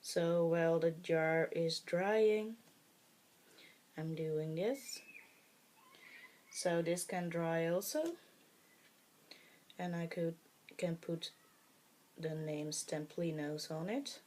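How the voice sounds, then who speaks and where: A woman's voice: on the low side, slow, pauses often, darkish tone, slight background noise. A woman whose first language is Dutch, talking through a craft project in a casual, hesitant way with many fillers, muttering to herself as she works. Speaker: craft tutorial host.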